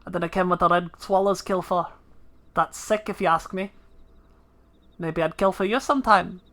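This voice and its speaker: A woman's voice: on the low side, fairly even intonation, moderate pace, a bit bright, lightly acted. A woman voicing a fierce young female pirate captain with a put-on Scottish accent, curt and menacing.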